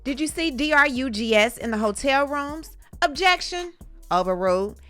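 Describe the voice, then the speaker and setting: Woman host reading out trial testimony fast, tossing in quick asides, crisp bright voice. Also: high voice, faint music behind. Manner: brisk read-through with short reaction asides. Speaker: commentary channel host. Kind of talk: reading court testimony aloud.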